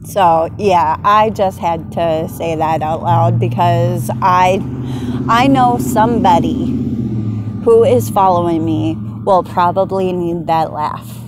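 Slow, giggly woman telling a story. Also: lowish voice, noisy background. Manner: giggly, laughs often while telling. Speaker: vlogger. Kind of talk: casual storytelling.

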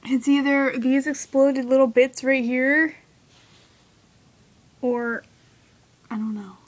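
High-voiced woman yelping through a game. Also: steady tone, slow, poor audio. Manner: yelps and squeals at the game. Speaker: gamer. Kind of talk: let's play commentary.

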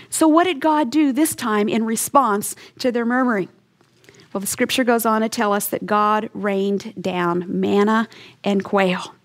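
A woman teaching a Bible lesson in an earnest, emphatic storytelling way, acting out short quotes as she goes. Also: medium pitch. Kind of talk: teaching sermon.

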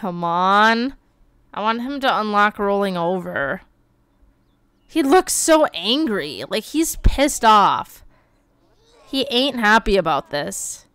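Woman streamer, lively gameplay commentary, smooth resonant voice. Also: mid-range voice, no echo. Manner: animated, bursts of exclaiming and quick read-outs. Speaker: game streamer.

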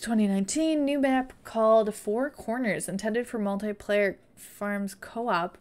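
A woman streaming live, chatting loosely and playfully with her viewers. Her voice sits a little high for a woman. She drifts into sweet baby-talk whenever she speaks to her dog. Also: clear, resonant tone. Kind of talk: casual live-stream chat.

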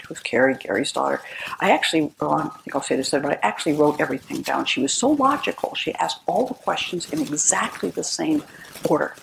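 Brief: older American woman speaker, animated, gravelly, dry humor. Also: sits low, a little fast, slight background noise, rough recording. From United States. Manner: wry storytelling, self-deprecating humor. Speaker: speaker, philosopher. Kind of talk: personal talk to an audience.

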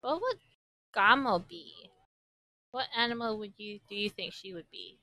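A woman's voice: mid-range voice, lively intonation, moderate pace, bright, forceful tone, no room sound, clean studio sound. A young woman from Hawaii hosting an anime reaction, commenting as she watches with gasps, squeals and giggly outbursts.

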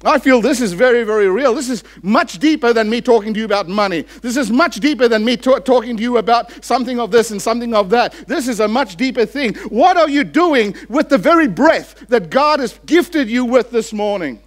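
High-voiced impassioned male preacher. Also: lively intonation. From Australia. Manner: impassioned preaching, rising for emphasis then dropping low and slow. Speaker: pastor. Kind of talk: sermon.

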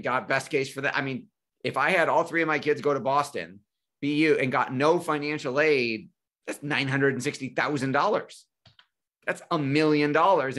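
A man's voice: on the high side, fairly bright tone. A man in his forties hosting a live financial webinar, telling a personal story and acting out phone calls with family.

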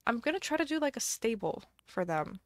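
A woman's voice: on the high side, sing-song, fairly quick, no room sound. A woman streamer chatting casually on a live game stream, thinking aloud and musing indecisively as she plays.

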